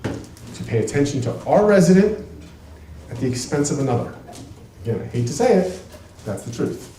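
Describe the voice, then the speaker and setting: A man's voice: on the high side, slight background noise. A man who is a trial lawyer, giving an emphatic talk to an audience in a large room, heard from a distant mic. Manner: emphatic and animated, with quick bursts. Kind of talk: presentation to an audience. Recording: echoey room, voice from far off.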